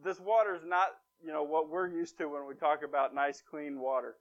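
A man delivers a casual sermon, retelling an old story with dry humor and emphatic asides. His voice sits a little high for a man. The recording is dull and lo-fi. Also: fairly even intonation, normal speed. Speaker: preacher. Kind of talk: conversational sermon.

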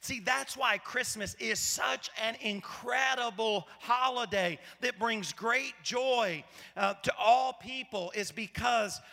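A pastor from Arkansas, preaching a sermon in a conversational, storytelling way and asking the audience rhetorical questions. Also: male voice, very high-pitched, takes it slowly, gravelly, hardly any pauses, sharp tone, big-room sound. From Arkansas, USA.

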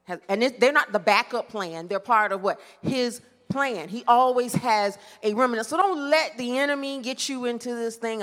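A woman preaching a sermon with a fairly high voice, building her points with call-and-response questions and dramatic pauses. Her voice rings with the long reverb of a church sanctuary. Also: a bit bright.

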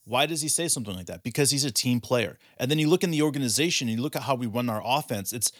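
A man's voice: medium pitch, animated, fast talker, a bit bright, no echo. Argumentative man debating sports, dry sound. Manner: argumentative, rambling, builds his case with rhetorical questions. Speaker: podcast co-host. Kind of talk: casual sports talk.

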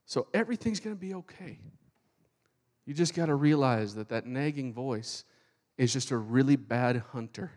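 A man preaching a sermon with animated, fervent delivery. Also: mid-range voice, normal speed. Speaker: pastor.

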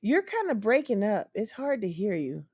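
A woman co-hosting a casual talk show, chatty and quick to laugh. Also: medium pitch, big pitch swings, darkish tone, slightly rough, dry recording, lo-fi sound. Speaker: co-host.

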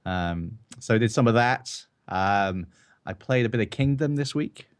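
A man who streams, chatting casually about games in a relaxed, rambling, joking way. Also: lowish voice, measured pace. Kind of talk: casual chat.

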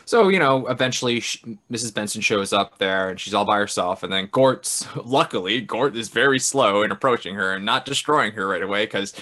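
A man's voice: lowish voice, expressive, brisk, hardly any pauses, pushed and bright. Loose, swearing man recapping a film. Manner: loose and profane, acts out characters' lines. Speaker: podcast co-host. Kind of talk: casual film recap chat.

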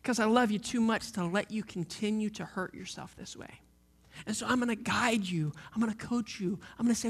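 This thirtysomething pastor preaches briskly in a high-pitched voice touched by vocal fry. Passionate and repetitive, his sermon drops from loud emphatic lines to hushed near-whispers.

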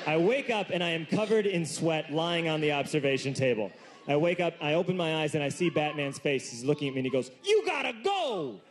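A man doing stand-up comedy, telling a self-mocking story with animated outbursts. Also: on the high side, fast talker. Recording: noisy live recording with room ambience.

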